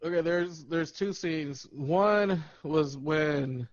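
A man co-hosting a podcast in casual chat, animated and laughing often, breaking into loud put-on voices. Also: a little high, slow pace, highs cut off. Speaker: podcast co-host.

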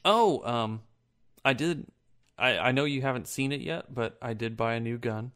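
A man's voice: mid-range voice, moderate pace, a bit bright. A man co-hosting a podcast in loose, profane casual chat, laughing often. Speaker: podcast co-host.

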